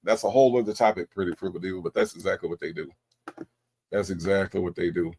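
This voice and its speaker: A man's voice: sits low, fairly even intonation, a little mellow, a little hiss or hum. Guy streaming, calling someone out, repeats himself, takes his time. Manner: confrontational, drawn-out, repetitive. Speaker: livestream host. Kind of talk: commentary on call recordings.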